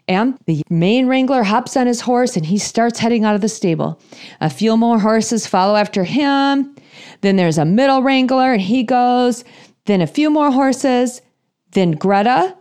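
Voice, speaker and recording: A woman in her thirties or forties telling a humorous personal story in an animated, self-deprecating way, acting out her own thoughts. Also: on the high side, moderate pace.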